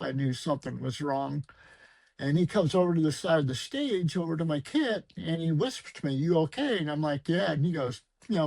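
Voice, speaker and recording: A man with a fairly high, gravelly voice recounts his life in a relaxed, conversational way, leaning on "you know" as he goes. The sound is dry and close, with no room around it. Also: dry recording, low-quality recording. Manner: conversational, with fillers. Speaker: podcast guest. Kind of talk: casual storytelling.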